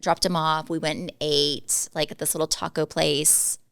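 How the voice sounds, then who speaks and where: A woman in her forties from Dallas, Texas, co-hosts a podcast, her low voice clean and the recording dry. She tells stories in a chatty, casual way, laughing quickly and acting out what people said with animated quotes.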